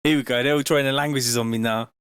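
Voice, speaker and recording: A man's voice: medium pitch, steady tone, fast talker, a bit bright, smooth, no echo, studio quality. A man, a music producer chatting casually to a livestream while working, laid-back and swearing freely. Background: electronic dance music.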